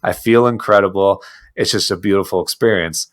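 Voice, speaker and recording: A man co-hosting a podcast in casual chat, ranting in an animated way and laughing often. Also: sits low, brisk. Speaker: podcast co-host.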